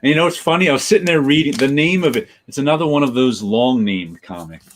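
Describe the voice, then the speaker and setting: A man's voice: medium pitch, fast, slight background noise. A man co-hosting a podcast, chatting casually about comics in a rambling way, often repeating phrases to hear how they sound. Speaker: podcast co-host.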